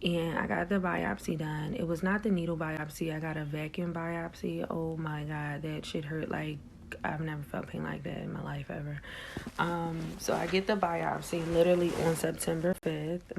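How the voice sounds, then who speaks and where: Young woman, gravelly low voice, blunt. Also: normal speed, a little hiss or hum. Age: young adult. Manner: blunt, frank, swears freely; animated, rising loud when recounting shock. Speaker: vlogger sharing her story. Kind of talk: candid personal storytelling.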